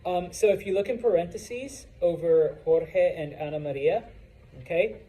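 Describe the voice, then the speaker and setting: Chatty male Spanish teacher, mellow voice. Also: high-pitched, moderate pace, rough recording. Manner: chatty, joking asides with many okays. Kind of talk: classroom lesson.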